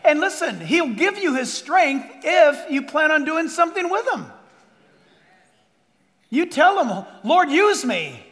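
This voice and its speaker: A man preaching a sermon as the pastor of his church, animated and energetic, sometimes shouting. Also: very high voice, takes it slowly, big-room sound. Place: large church auditorium.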